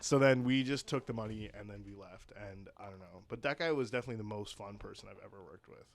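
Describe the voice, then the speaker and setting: A man's voice: on the low side, fast, gravelly. A young man telling a story as a podcast guest, rambling, swearing and saying "like" constantly. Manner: rambling, heavy use of "like", swears. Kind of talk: casual storytelling.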